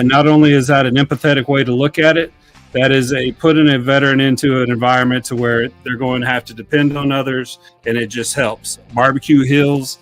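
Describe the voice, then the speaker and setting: A man's voice: mid-range voice, a bit bright. A veteran man on a live show, talking in an earnest, heartfelt way while stretching to fill time. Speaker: veteran guest and regular of the show. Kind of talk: casual live-show chat.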